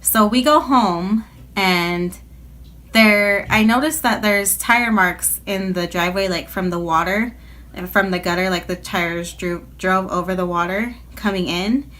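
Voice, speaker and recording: Here the vlogger's voice is medium in pitch and a bit bright, moving at a measured pace. She rambles chattily through a personal story for her casual storytime vlog, leaning on lots of filler words, and the audio has the feel of a phone recording.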